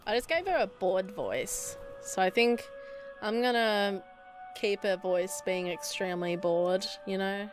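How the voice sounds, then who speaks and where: A woman's voice: medium pitch, expressive, measured pace, soft background music. A woman reading a text game aloud and voicing its characters, adding casual, joking asides. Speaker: gamer.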